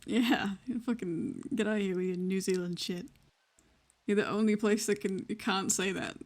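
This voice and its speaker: A woman's voice: mid-range voice, fairly even intonation, moderate pace, darkish tone. Welsh woman giggling and swearing through stream chatter, teasing her tabletop friends. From Wales. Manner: laughs often, swears freely, teasing. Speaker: tabletop role-play player. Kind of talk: casual banter on a live stream.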